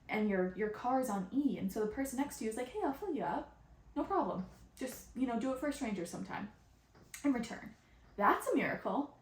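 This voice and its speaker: A woman hosting a spiritual podcast in a chatty, excitable way, laughing often and using casual slang, recorded on her phone. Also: medium pitch, reverberant. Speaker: podcast host and channeler.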